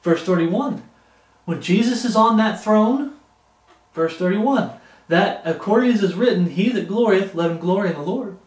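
A man preaching in an earnest, pleading manner, his voice sitting noticeably high for a man. The recording carries the echo of a roomy space around him. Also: expressive, moderate pace, darkish tone. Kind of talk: sermon.

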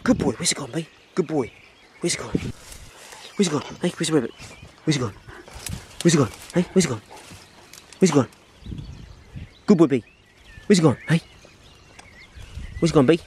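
A man's voice: on the high side, animated, moderate pace, pauses often, darkish tone, slight background noise. A man filming himself on a farm, giving casual hunting commentary, swearing freely and talking to his dog. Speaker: hunting vlogger. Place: outdoors on a farm.

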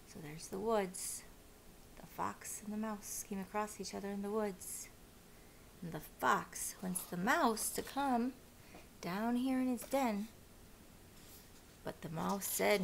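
A woman teacher reading a picture book aloud to children, animated and asking them questions along the way. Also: mid-range voice, slow pace, vocal fry, pauses often. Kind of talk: children's story read-aloud.

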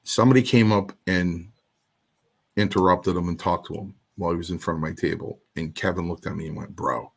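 A man sits for an interview and tells a story casually. His voice is slightly low and husky. He brings his quotes to life by doing the other people's voices. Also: steady tone, fairly quick. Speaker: interview guest.

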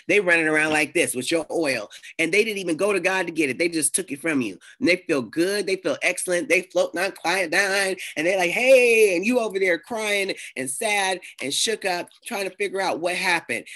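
A woman preaching a conversational sermon, animated, acting out the voices of the people she quotes. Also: lowish voice, breathy edge. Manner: animated, acts out quoted voices, laughs often. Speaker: prophetess and preacher.

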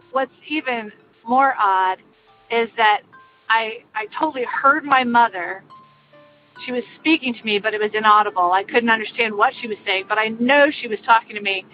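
An older woman earnestly telling a personal ghost story in a casual, meandering way, with many pauses. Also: fairly high pitch. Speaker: caller sharing a ghost story. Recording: slightly muffled, faint music behind.

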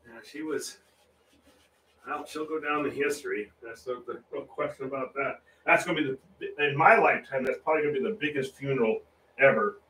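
A man talks casually as he paints, rambling, restarting his sentences and chuckling often. He sits a little back from the mic, so the room echo is clear, with a faint hum of room noise under his voice. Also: medium pitch, brisk, fairly bright tone, distant mic. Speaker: livestream painting host. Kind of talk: casual chat while painting.

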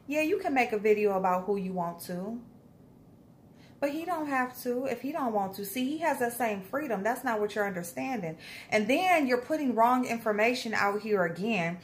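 A young woman, giving a blunt, scolding, profane commentary rant in a casual vlog. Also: medium pitch. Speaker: commentary vlogger.

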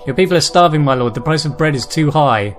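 A gameplay commentator with a slightly high voice talks at a quick pace in a casual let's-play, reading on-screen text aloud with lots of chuckles and exclamations. Game music plays in the background.

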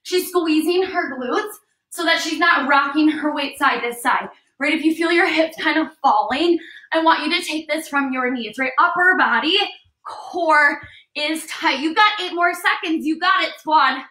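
Coaching a bodyweight class, this young woman counts down reps and cheers people on in an upbeat way. She speaks a little slowly, with a high voice and sharp tone, and the echoey room makes her sound somewhat distant.

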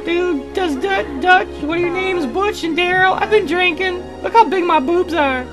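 A man putting on a high falsetto to voice a tipsy, flustered female wedding officiant who stumbles over her words. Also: over music, rough recording. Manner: drawn-out, stumbling.

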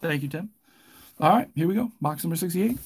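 Guy running a card break stream, kinda high voice, loose jokey chatter that gets loud. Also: a little fast, heavy background noise. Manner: casual, joking, gets loud and excited. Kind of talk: live stream break commentary.

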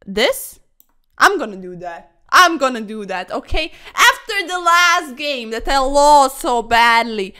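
A woman's voice: high-pitched, sing-song, unhurried, sharp tone. A young woman commentating her own online chess games in a playful, dramatic way, full of quirky slang and mock-formal asides. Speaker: chess streamer.

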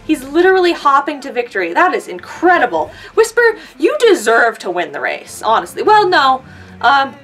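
Woman, let's play commentary, chatty, talks to the game characters, high voice. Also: wildly swooping pitch, moderate pace, fairly bright tone. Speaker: gamer.

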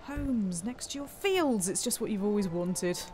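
Over music, a woman with a medium-pitched, animated voice speaks at a measured pace. She's live-streaming a city-building game, chatting playfully, thanking her viewers, and muttering to herself as she plays.

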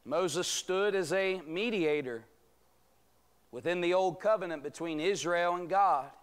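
An unhurried pastor with a high, clean-toned voice teaches a church Bible study. He preaches emphatically and rhetorically, coaxing amens out of the congregation, in a church sanctuary recording.

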